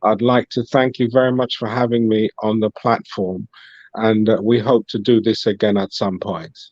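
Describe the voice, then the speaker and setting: A man speaking as a guest on a religious panel, steady and assured in his remarks. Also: on the low side, normal speed, no room sound, dull audio. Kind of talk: religious commentary.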